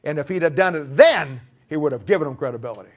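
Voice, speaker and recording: High-voiced animated male preacher. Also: fast talker. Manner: animated, swings from shouting to quiet asides, laughs at his own jokes. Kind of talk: sermon with storytelling.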